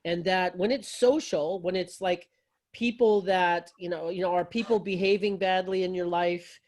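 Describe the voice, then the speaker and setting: A man's voice: high voice, fairly even intonation, moderate pace, a little mellow. A man teaching yoga philosophy to a class, talking loosely and conversationally, with folksy phrasing and frequent restarts.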